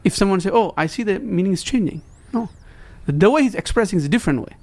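A guest scholar with a high-pitched, lively voice and a darkish tone talks fast. He explains things earnestly in conversation in broken English, reciting quoted Arabic phrases along the way.

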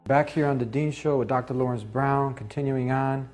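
A man's voice: medium pitch, fairly even intonation, moderate pace, over loud music. A man hosting an interview show, earnest, asking long, leading questions. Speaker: talk show host.

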